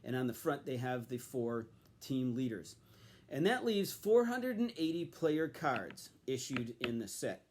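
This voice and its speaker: A man's voice: on the high side, darkish tone, slight background noise. A man casually reviewing a sports card set, chatty and explanatory, with frequent ums and uhs. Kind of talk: casual show-and-tell review.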